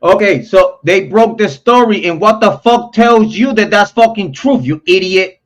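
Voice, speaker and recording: A man's voice: high voice, animated, unhurried. A young man hosting a true crime live stream, ranting in a heated, profane, repetitive way. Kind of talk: angry live-stream rant.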